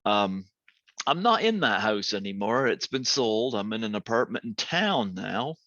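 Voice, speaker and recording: A man hosting a casual interview, talking hesitantly with many pauses and fillers. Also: on the low side, very animated, bright, forceful tone, no echo. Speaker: host. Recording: dry, dull lo-fi audio.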